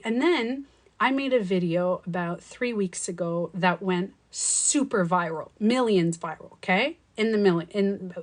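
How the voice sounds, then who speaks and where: A middle-aged woman coach talking casually to her viewers, telling a story with swearing, laughter and lively acted-out quotes. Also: medium pitch. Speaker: life coach and author. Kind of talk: casual live-stream monologue.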